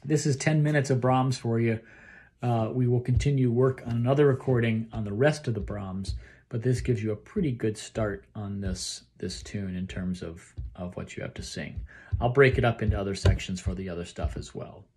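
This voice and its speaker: A man's voice: fairly low pitch, moderate pace, dark tone. A man leading a choir rehearsal lesson, explaining phrasing and pronunciation and singing short bits of the lines. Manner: talks through phrasing, sings snippets of the text; ends points with a questioning okay. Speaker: choir director.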